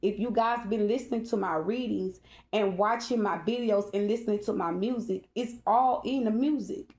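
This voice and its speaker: A woman's voice: mid-range voice, normal speed, darkish tone. Emphatic woman venting in an echoey room. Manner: emphatic, rambling, repeatedly addressing listeners directly. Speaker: tarot reader and vlogger. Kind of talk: emotional personal monologue to followers.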